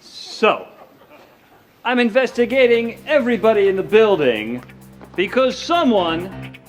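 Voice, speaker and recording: An actor playing a bumbling, easily confused police detective in a sitcom, over the top. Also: male voice, sits high, lively intonation, measured pace, soft background music. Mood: flustered. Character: bumbling London police detective, middle-aged man. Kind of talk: scripted sitcom acting.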